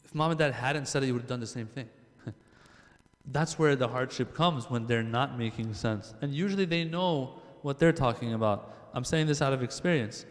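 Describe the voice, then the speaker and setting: A male preacher with a slightly raised voice, talking casually and with humor as he speaks straight to the congregation. His words ring out in a big hall with a long echo tail. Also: a little high. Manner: lively, joking, addresses the crowd directly. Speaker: religious speaker. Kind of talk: conversational sermon.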